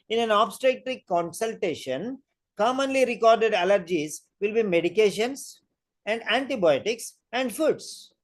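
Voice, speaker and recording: A tutor giving a listening test lesson, talking slowly and deliberately and repeating each point to drill it in. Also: mid-range voice. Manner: deliberate, emphatic teacher talk. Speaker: exam-prep tutor.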